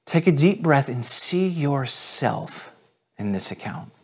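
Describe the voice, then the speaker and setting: A man's voice: medium pitch, sing-song, takes it slowly, husky. A male pastor preaching a sermon to people watching online, in an earnest, direct manner. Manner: earnest, direct address with repetitions.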